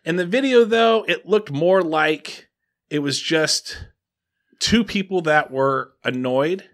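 A man's voice: fairly high pitch, slow pace. A man, around his thirties, hosting a podcast in casual chat, telling a story with many restarts and acted-out quotes. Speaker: podcast host.

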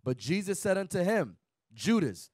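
A man reading scripture aloud in a Bible class at a measured pace, with the odd stumble. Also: high voice, very animated, darkish tone, dry recording, clean studio sound.

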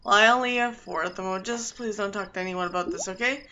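A woman's voice: mid-range voice, fast, background noise, lightly acted. A woman playing an upbeat male beekeeper. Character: cheerful honey-selling male beekeeper.

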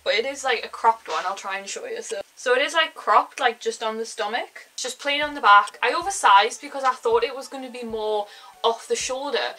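A woman's voice: on the high side, fairly quick, bright, forceful tone, a little hiss or hum, rough recording. A young woman with a North East English accent, rambling cheerfully through a clothing haul at home, full of "like" fillers. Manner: rambling, filler-heavy, says "like" often. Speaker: fashion vlogger. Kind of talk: chatty haul vlog. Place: home, indoors.

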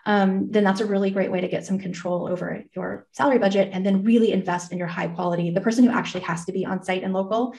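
Brief: middle-aged woman, quick energetic guest, explains with enthusiasm. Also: medium pitch, creaky. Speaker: guest, hiring consultant. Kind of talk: interview conversation.

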